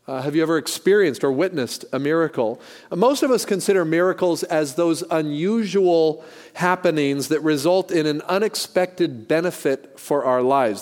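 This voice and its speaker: A man's voice: a little high, a little mellow. Male pastor, folksy joking sermon delivery, reverberant sanctuary sound. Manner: folksy, joking storytelling with frequent restarts.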